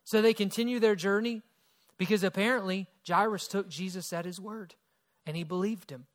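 A man preaching a sermon, retelling a story with emphatic swings between loud and hushed delivery. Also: high-pitched, steady tone, moderate pace. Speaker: pastor.

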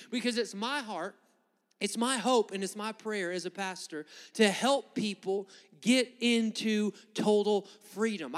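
Male pastor, high tenor, preaching with passion, drops to hushed pleas. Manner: impassioned, swinging from loud preaching to hushed pleading. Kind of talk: sermon. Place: church sanctuary.

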